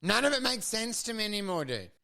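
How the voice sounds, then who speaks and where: Comic co-host, bright, tense voice, absurd storyteller. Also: male voice, high voice, very animated, fast, gravelly. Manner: absurd, self-deprecating storytelling. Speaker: podcast co-host. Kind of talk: comedic podcast rant.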